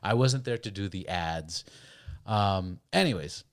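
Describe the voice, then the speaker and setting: A man's voice: sits low, lively intonation, a little slow, no echo, studio quality. A man in his forties from California, telling rambling, profane stories as a podcast guest. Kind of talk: casual storytelling.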